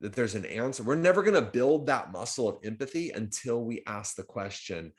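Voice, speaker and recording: Hosting a live community stream, this man speaks in a mid-range voice, fairly quickly and with hardly any pauses. He chats casually, restarting sentences repeatedly and shifting into sudden, animated bursts of loudness.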